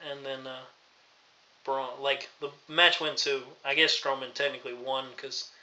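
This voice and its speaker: A man's voice: medium pitch, level tone, moderate pace, bright, forceful tone. A man recapping a wrestling show in an exasperated, rambling rant full of fillers. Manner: exasperated ranting, filler-heavy. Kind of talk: ranting recap vlog. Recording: dull lo-fi recording.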